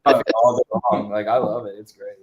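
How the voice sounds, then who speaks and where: A man's voice: on the low side, little pitch movement, fairly quick, lo-fi sound, crowd noise. A man guesting on a livestream, chatting casually with upbeat enthusiasm. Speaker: guest musician. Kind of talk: casual chat.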